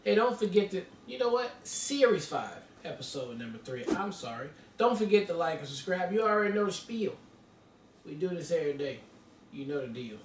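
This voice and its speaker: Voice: mid-range voice, sing-song, background noise. Host kicking off a reaction vid, loose patter, echoey room, far off mic. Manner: quick intro patter, corrects self. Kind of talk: casual chat.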